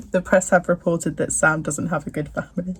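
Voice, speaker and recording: A woman's voice: on the low side, level tone, brisk, very noisy. A young woman in casual chat recapping a TV episode at home, rambling with slangy, jokey asides. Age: young adult.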